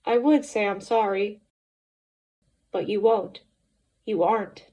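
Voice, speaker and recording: A woman voicing a blunt, cold alien woman in an audiobook, speaking in a flat, matter-of-fact way. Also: mid-range voice, takes it slowly. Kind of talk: audiobook character voice.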